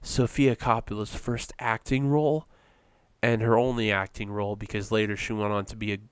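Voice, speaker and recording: Smooth-voiced casual podcast man. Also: fairly low pitch, level tone, moderate pace, no room sound. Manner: rambling with many fillers and restarts. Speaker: podcast co-host. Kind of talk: casual chat.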